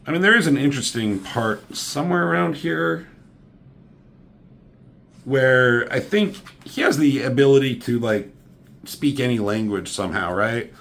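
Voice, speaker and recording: A man's voice: mid-range voice, expressive, unhurried, vocal fry, a bit bright. Sarcastic, profane man reviewing a comic. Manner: sarcastic, profane, mocking impressions of characters. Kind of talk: casual spoken review.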